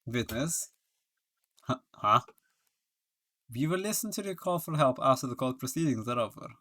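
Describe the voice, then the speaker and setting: A man's voice: medium pitch, lively intonation, moderate pace, bright, forceful tone, no echo, studio quality. A man playing a stern game judge. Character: stern older male trial judge.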